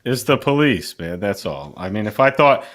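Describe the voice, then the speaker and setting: Brief: male podcast guest, lowish voice, offhand and relaxed. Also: normal speed. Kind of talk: casual podcast chat.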